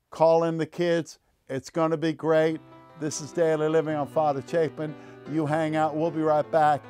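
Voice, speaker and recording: Male priest-host, high tenor, emphatic folksy preaching, dry studio sound. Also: darkish tone, no echo. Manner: emphatic, building repetitive phrases; folksy, casual asides. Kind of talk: broadcast Bible reading and preaching.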